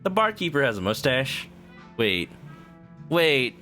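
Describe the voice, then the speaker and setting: A man streaming a video game live with animated, laughing commentary. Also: mid-range voice, unhurried, faint music behind.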